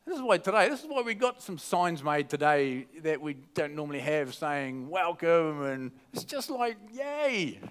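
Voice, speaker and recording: A man's voice: fairly high pitch, very animated, normal speed, few pauses, a bit bright, clear, resonant tone. A man preaching a casual sermon at a church service into a microphone, chatty and joking, often restarting his sentences. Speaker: pastor.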